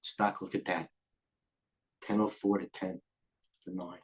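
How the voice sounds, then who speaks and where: An older man hosting a live trading stream, talking quickly and jumping between stock tickers, a little out of breath. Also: sits low, little pitch movement, slight background noise. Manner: rapid, scattered, jumps between tickers. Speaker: trading show host. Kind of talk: live market commentary.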